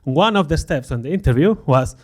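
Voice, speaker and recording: A middle-aged man gives a conference talk, his voice a little high and a little fast. He tells an animated personal story at his own expense, acting out the thoughts he quotes.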